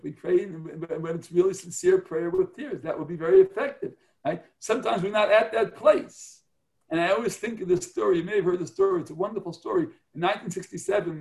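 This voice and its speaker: High-pitched guy giving a religious class, earnest, explains things step by step. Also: gravelly. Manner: earnest, explanatory, checks in with "right?". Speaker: teacher of a prayer class.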